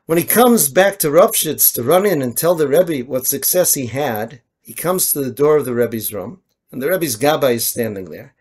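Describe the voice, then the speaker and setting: A man's voice: mid-range voice, animated, moderate pace, darkish tone, husky. A man, a rabbi, telling a story in a sermon and slipping into the voices of the people in it. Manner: storyteller voicing quoted characters, mixing Yiddish and Hebrew terms.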